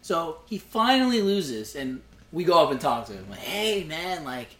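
A man's voice: a little high, normal speed, roomy sound. A man on a casual podcast telling a story and acting out the quotes with energy. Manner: animated storyteller, acts out quotes. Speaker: podcast host.

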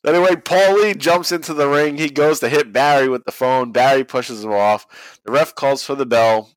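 A man's voice: mid-range voice, normal speed, no echo, low-quality recording. A man co-hosting a casual podcast, recapping a match play by play with profanity, frequent laughs and goofy impressions. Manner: profane, laughs often, does silly voices. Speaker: podcast co-host recapping wrestling.

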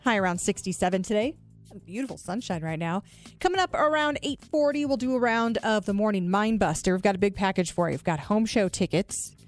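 A woman co-hosting a morning radio show, bubbly and quick to laugh, talking into a studio microphone. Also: mid-range voice, animated, soft background music. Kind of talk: upbeat morning radio chat.

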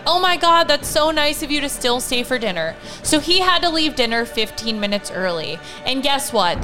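A woman in her thirties tells a story in an animated, sarcastic rant, swearing freely and mimicking people with mock quotes. Her voice is high and bright. She sounds like a podcast host in casual chat. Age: 30s.

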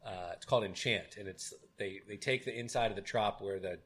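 A man's voice: on the low side, fairly quick, fairly bright tone, husky. A man co-hosting a podcast in casual chat, rambling with many fillers and animatedly retelling movie scenes. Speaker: podcast co-host.

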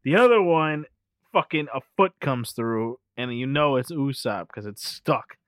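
A man's voice: mid-range voice, lively intonation, unhurried, no echo. A man in casual, profane chat, rambling through a movie recap and laughing often. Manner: rambling, laughs often, keeps saying anyway.

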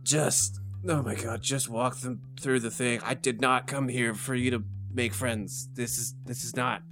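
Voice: mid-range voice, expressive, normal speed, music in the background, close to an everyday voice. A game master voicing a nervous, rambling male character who stammers and apologizes through a tabletop game. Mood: flustered. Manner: stammering, apologetic, many fillers. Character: nervous rambling male NPC named Ingleton. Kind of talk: tabletop game role-play.

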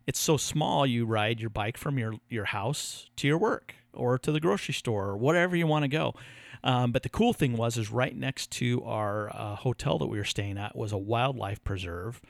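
A man's voice: medium pitch, moderate pace, creaky, no room sound. A man from the United States co-hosting a running podcast, reading sponsor spots and telling stories in an easygoing way. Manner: easygoing storyteller, frequent restarts. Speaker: podcast co-host. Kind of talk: casual chat and sponsor reads.

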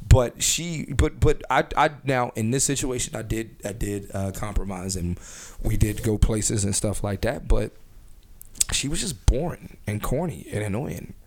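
A man's voice: on the low side, lively intonation, unhurried, a little mellow. A young man hosting a casual podcast, brash and profane, rambling with lots of restarts and filler. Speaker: podcast host.

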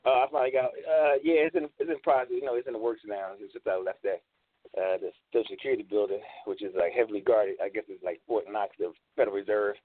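A man co-hosting a casual online radio talk show, telling a rambling story and breaking into high laughs. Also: steady tone, quick pace, dry recording. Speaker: co-host. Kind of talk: casual panel chat. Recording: tinny phone-like online call.

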